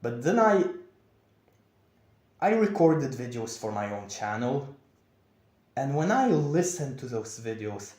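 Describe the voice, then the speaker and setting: Young man, confessional vlog, monotone, over-enunciated, slow, echoey room. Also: fairly high pitch. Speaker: vlogger.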